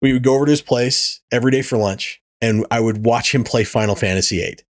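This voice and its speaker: A man hosting a podcast, chatting casually, swearing often and telling animated stories. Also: medium pitch, fast. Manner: animated storytelling, swearing and laughing. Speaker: podcast host. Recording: poor audio from a faulty mic.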